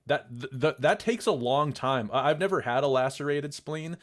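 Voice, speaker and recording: A man's voice: fairly high pitch, normal speed. Easygoing male podcast co-host. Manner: easygoing, laughs often, stumbles and restarts. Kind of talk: casual hockey chat.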